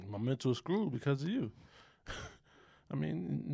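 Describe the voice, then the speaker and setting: Animated gravelly-voiced man co-host. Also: a little high, a little slow, long pauses, no echo, studio quality. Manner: animated, acts out quotes in raised voices. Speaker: podcast co-host. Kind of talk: casual chat.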